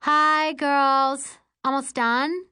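A woman's voice: high-pitched, flat delivery, extremely slow, sharp tone, pitched above the performer's own voice, heavily acted. A woman voicing a chatty, eager teen girl at camp in an audiobook. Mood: chirpy.

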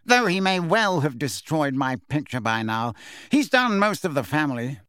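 A man's voice: fairly high pitch, sing-song, normal speed, fairly bright tone, clean tone, dry recording, studio quality. A man voicing a haughty old wizard in a portrait, with a reedy voice and a bored, languid drawl.

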